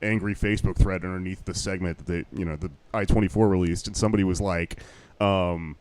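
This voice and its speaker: A man's voice: sits low, fairly even intonation, quick pace, a little mellow. A tired man, a comedian guest, telling a story in casual podcast chat, loose and profane with many fillers.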